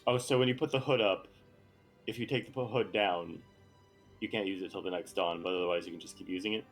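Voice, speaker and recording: A man's voice: low-pitched, quick pace, soft background music. A young man playing a tabletop game and making wry, dry remarks. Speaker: player. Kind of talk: casual tabletop game chat.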